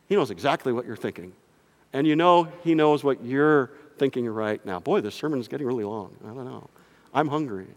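A man preaching a sermon with animated storytelling, often asking the congregation questions. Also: high-pitched, long reverb tail. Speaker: pastor.

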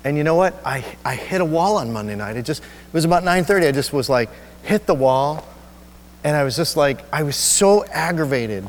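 Guy preaching in a church, kinda high voice, stumbles and repeats himself telling his story, big echoey hall. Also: animated. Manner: emotional, repetitive storytelling with halting restarts. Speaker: pastor. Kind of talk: sermon with personal story. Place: church sanctuary.

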